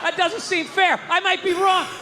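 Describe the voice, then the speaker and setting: A middle-aged man performing stand-up comedy, ranting and profane, often shouting. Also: very high voice, flat delivery, moderate pace, in a large hall, crowd noise, background noise.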